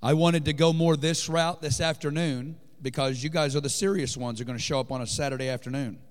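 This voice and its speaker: Male preacher with a slightly high voice, fervent sermon delivery, recorded in a big echoing hall. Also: steady tone, a little fast. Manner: fervent, builds to shouting peaks. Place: large church hall. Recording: long reverb in a large hall.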